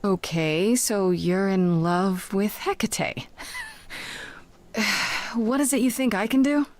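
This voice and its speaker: An actress voicing a determined young woman muse who speaks in a measured, patient way in voiced game dialogue. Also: mid-range voice, lightly acted.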